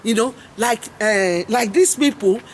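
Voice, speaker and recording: A woman's voice: fairly high pitch, measured pace, a little hiss or hum. A middle-aged woman with a Nigerian English accent, hosting an impassioned, rambling monologue full of preachy, repeated slogans. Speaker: host and farmers' advocate.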